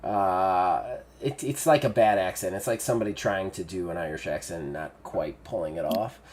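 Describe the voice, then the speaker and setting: A man's voice: low voice, moderate pace, darkish tone, slight background noise. Rambling male game master. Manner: casual and rambling, with many fillers. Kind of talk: narrating a tabletop game.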